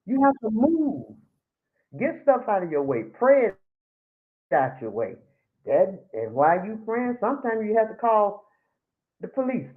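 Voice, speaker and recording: A woman's voice: medium pitch, big pitch swings, unhurried, long pauses. A middle-aged woman giving a blunt, emphatic testimony at a Bible study, speaking with candid humor. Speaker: church member giving testimony. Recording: tinny phone-like line.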